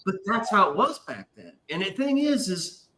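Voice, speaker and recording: A man tells a long story on a live stream in a loose, profane way, acting out other people's lines. His voice is very bright and forceful and sits a little high. The sound carries a roomy echo. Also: huge pitch swings, moderate pace. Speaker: podcast host. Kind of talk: casual storytelling chat.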